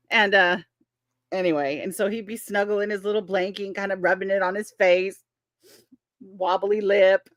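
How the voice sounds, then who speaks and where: Animated, laughing woman host, dry sound. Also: mid-range voice, unhurried, pauses often, no room sound. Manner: laughs often, animated storytelling. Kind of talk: casual chat reading live comments.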